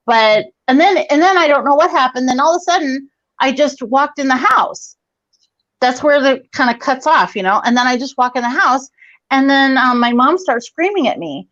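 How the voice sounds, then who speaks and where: A woman's voice: high voice, animated, normal speed, fairly bright tone, dry recording, lo-fi sound. Profane, rambling woman telling a story. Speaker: guest comedian. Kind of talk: casual storytelling.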